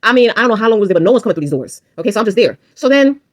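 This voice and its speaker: A woman's voice: on the high side, expressive, racing. A woman telling a storytime vlog in a blunt, emphatic, profane way. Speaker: vlogger.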